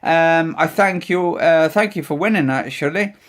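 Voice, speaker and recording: A man's voice: a little high, normal speed, a crowd in the background. A man chatting casually in a vlog, rambling with many restarts. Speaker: vlogger. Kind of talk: casual chat.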